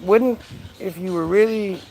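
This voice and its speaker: A man's voice: high voice, unhurried, gravelly, warm tone, low-quality recording. A man hosting a livestream, talking casually in a sarcastic, mocking, profane way. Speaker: livestream host reading chat.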